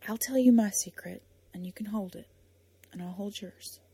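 A woman reading a storybook, voicing a blunt, spirited young woman with a lively, teasing way of talking. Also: normal speed, breathy edge, no echo. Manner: lively and teasing, rising pitch.

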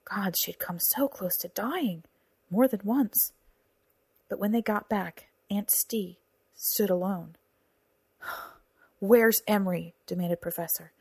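A woman reads a novel aloud in a breathy, husky voice at a middling pitch. The sound is close and dry, with no room around it. She drops to a whisper or rises to a shout for the characters' lines. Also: slow pace, pauses often, dry recording. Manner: acts out dialogue with whispers and raised voices. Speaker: audiobook narrator. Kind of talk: scripted narration.

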